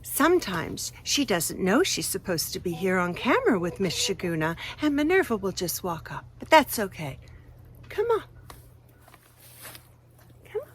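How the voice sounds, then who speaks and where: A woman from Canada hosts a children's chicken-care lesson on a farm, talking gently and softly to her hens as she teaches. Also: mid-range voice, very animated, normal speed, few pauses, slight background noise. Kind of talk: friendly teaching presentation for children. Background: music.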